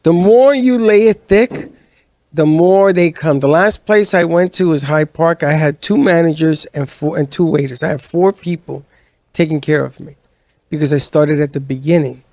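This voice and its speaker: A man's voice: on the high side, moderate pace, a little mellow, dry recording. A man on a talk show chatting casually and acting out the people he quotes as he tells stories. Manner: storytelling, acts out quoted lines. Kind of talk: casual chat.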